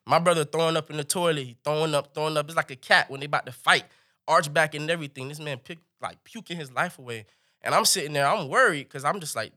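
A man telling a comic story in an animated way, jumping high in pitch for punchlines. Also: fast talker.

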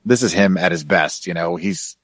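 A man's voice: sits low, moderate pace, fairly bright tone, dry recording. A man co-hosting a casual podcast, describing scenes in a thoughtful, detailed way. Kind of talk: casual chat.

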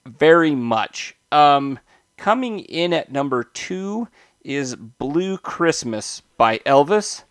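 A man co-hosting a podcast, talking in casual chat with dry, deadpan humor. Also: a little high, slow pace, no echo. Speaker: podcast co-host.

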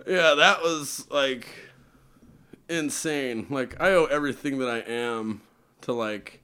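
A man guest on a podcast, telling a long story in a casual, animated way, laughing often and filling with "like". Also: medium pitch, slow, smooth. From Utah.

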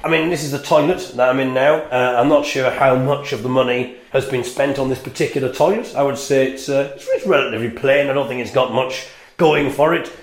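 A man with a gravelly edge tells a rambling, wry story as host of his own podcast. His voice sits at a middling pitch. It bounces around a small, echoey toilet room. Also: fairly even intonation, brisk. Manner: rambling, wry and self-mocking. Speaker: podcast host and band member. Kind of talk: casual storytelling monologue. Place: venue toilet with a shower.

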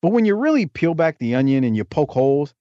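A man's voice: fairly high pitch, sing-song, fast, dry recording. A man talking as a podcast guest, telling wrestling stories in a loose, chatty, joking way. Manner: talkative, storytelling, jokey asides. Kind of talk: casual interview chat. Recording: dull lo-fi dry podcast audio.

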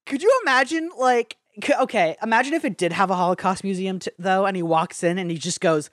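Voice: medium pitch, a bit bright, dry recording, studio quality. A podcast co-host in casual movie chat, crude and jokey, swearing freely. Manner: crude, jokey, quick to laugh.

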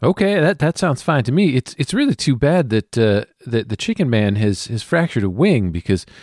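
A man at a tabletop game, making wry jokes with a lively, rising and falling voice. The sound is dry and close. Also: mid-range voice, moderate pace, no room sound. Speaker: player. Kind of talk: tabletop role-play banter.

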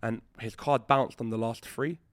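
A man's voice: medium pitch, moderate pace, dry recording, clean studio sound. A man telling a story on a podcast in casual chat, swearing freely and acting out the other people's lines. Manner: animated storyteller who acts out quoted dialogue. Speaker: podcast host.

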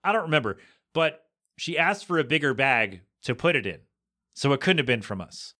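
A man on a podcast telling a rambling anecdote in a casual, animated way, acting out the people in it as he goes. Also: mid-range voice, normal speed. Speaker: podcast co-host. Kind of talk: casual storytelling chat.

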